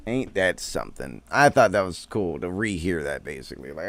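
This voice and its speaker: A man streamer rambles through a casual recap, packing it with slang and swearing. His voice is on the low side. The sound is dry and close, straight into a desk mic. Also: sing-song, moderate pace, hardly any pauses, fairly bright tone, dry recording. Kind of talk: casual comic show recap.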